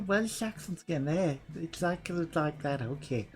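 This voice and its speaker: Man, young, casual gameplay chat, lively up-and-down voice, game music underneath. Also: on the high side, moderate pace, few pauses. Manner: chatty, laughing, reads game dialogue aloud. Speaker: let's play host.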